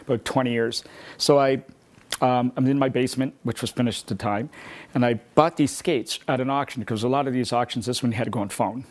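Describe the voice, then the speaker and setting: A man who collects memorabilia, telling a long anecdote quickly, with rambling restarts. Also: medium pitch. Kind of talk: animated storytelling.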